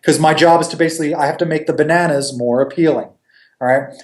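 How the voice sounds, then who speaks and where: A man from New York, a comic creator, chatting in a casual interview with a joking, animated manner and free swearing. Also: on the high side, fast talker, reverberant.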